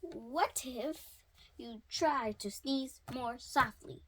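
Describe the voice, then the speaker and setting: A woman's voice: high-pitched, drawn-out words, bright, forceful tone, a little hiss or hum, exaggerated voice. A woman voicing a cheerful, caring pig in a storybook. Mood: gentle.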